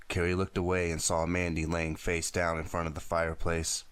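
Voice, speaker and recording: A man with a very deep voice narrating a thriller audiobook in a steady, dramatic way. The recording is close and dry, with no room sound. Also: moderate pace, hardly any pauses, clear, resonant tone, no echo. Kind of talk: audiobook reading.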